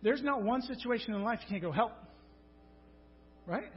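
A man preaching a sermon to his congregation, animated, often repeating words and asking "right?", and acting out urgent, crying-out prayers. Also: extremely high pitch, normal speed, breathy edge, long reverb tail, muffled recording. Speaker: pastor. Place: church sanctuary.

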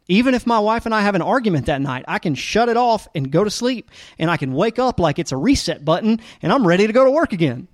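A man preaching a sermon as a pastor, talking casually with lots of fillers and restarts, and getting animated when he tells stories. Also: high voice, fast talker, hardly any pauses, no echo, studio quality. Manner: conversational, rambling with fillers and restarts; animated storytelling with rising energy.

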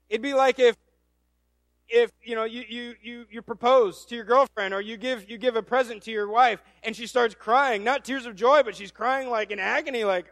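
A man preaching a sermon, his voice sitting noticeably high for a man. He retells the story with animation, slips into quoted voices and often restarts his phrases. The sound is close and dry, with no room around it. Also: moderate pace, a bit bright, no echo.

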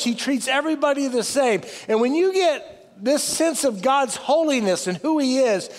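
A high-pitched man preaching a sermon, his voice carried on a long reverb that suggests a large hall. He is emphatic, driving up to loud peaks and then dropping low and quiet. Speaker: pastor.

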